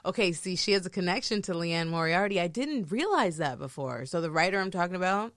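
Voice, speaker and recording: A woman's voice: lowish voice, lively intonation, fairly quick, fairly bright tone, no echo, studio quality. A woman guest on a podcast, chatting casually and hesitantly, often trailing off. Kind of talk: casual chat.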